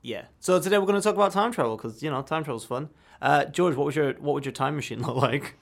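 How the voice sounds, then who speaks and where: A man's voice: fairly high pitch, quick pace, creaky, a bit bright. A man co-hosting a casual comedic chat, joking around and acting out silly voices of others in his stories. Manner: jokey, acts out silly voices of others in anecdotes. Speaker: podcast co-host.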